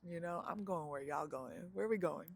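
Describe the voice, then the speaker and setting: Low-voiced woman chatting slangily outdoors. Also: normal speed, vocal fry. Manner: chatty, self-mocking, slangy, laughs often. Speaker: vlogger. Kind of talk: casual live vlog chat.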